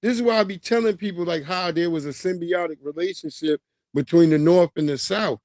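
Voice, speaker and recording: A man telling a long, profane childhood story on his livestream in a streetwise, animated way. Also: on the high side, brisk, no room sound, clean studio sound. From New York. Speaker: livestream host. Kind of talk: casual storytelling.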